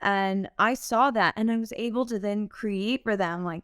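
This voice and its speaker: A young woman talks candidly as a guest in a podcast interview, earnest and emotional, often laughing. Her voice is smooth and clear at a middle pitch. The sound is close and dry, with no room around it. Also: moderate pace, few pauses, no echo. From United States. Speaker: singer-songwriter guest.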